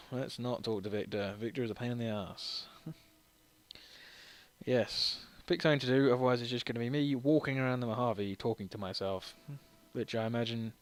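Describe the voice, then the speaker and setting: A man giving casual let's-play commentary while tipsy, rambling and self-deprecating, laughing often as he talks. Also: medium pitch. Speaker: game streamer.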